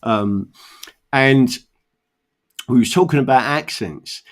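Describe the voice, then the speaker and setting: A man's voice: medium pitch, takes it slowly. A man from South London with a South London accent, chatting casually and telling rambling anecdotes, often adding "right?". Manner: rambling, anecdotal, frequent "right?" asides and laughs. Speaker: political livestream host. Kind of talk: casual chat, storytelling.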